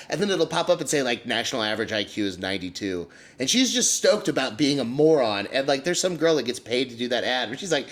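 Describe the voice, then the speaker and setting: A man's voice: mid-range voice, sing-song, quick pace, few pauses, fairly bright tone. A young man co-hosting a casual comedy podcast, wry and teasing, often laughing. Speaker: podcast co-host. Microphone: desk mic with ring light.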